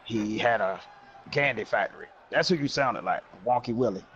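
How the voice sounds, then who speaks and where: A man doing deadpan, bantering co-commentary over a video game wrestling match. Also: medium pitch, normal speed, crowd noise. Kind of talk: jokey role-play commentary. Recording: dull lo-fi mic.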